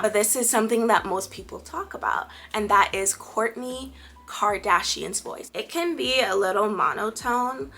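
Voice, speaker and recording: A woman's voice: mid-range voice, bright, forceful tone. A woman giving friendly, chatty advice in a casual vlog, often checking in with "right?". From Caribbean family background. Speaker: lifestyle vlogger.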